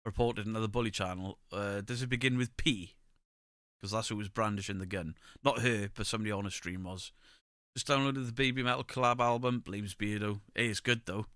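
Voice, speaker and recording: A man's voice: on the low side, a little fast, fairly bright tone, smooth, no echo. A middle-aged man, chatting casually on a live stream, greeting viewers by name and swearing freely. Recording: close mic, dry room.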